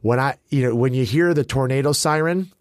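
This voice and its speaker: A man's voice: medium pitch, fairly quick, no room sound, clean studio sound. A man from the American Midwest co-hosting a podcast, telling rambling stories in casual chat, with lots of restarts and asides. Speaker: podcast co-host. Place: lives in Los Angeles.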